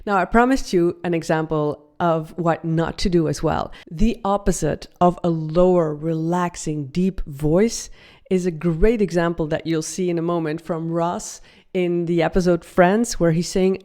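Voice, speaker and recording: Mellow-voiced woman coaching on voice. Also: on the low side. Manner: upbeat, demonstrative, deliberately slows for effect. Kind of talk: video lesson.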